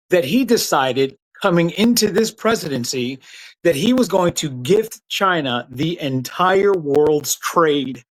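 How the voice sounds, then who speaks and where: A man's voice: high-pitched, rough recording. A man giving sarcastic, profane political commentary on a live stream.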